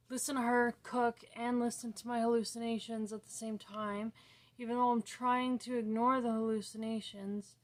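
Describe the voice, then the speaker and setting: A young woman speaking slowly in a relaxed, casual way straight to the camera. Her voice sits a little high, and her words often drop to near silence as she trails off. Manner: slow, soft-spoken, often trailing off quietly. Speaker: vlogger. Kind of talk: casual talk to camera about her own condition.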